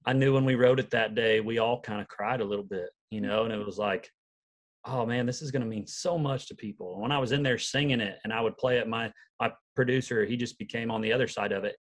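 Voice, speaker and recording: Young male country singer, twang, lowish pitch, earnest folksy guest telling stories. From Southern Illinois, USA. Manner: earnest, folksy, rambling storyteller. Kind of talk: casual podcast interview.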